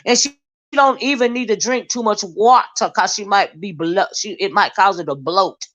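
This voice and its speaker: A woman's voice: medium pitch, normal speed, fairly bright tone. A woman hosting a casual livestream with sassy gossip commentary, reading chat comments aloud and drawing out asides of "child". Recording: dull lo-fi stream audio.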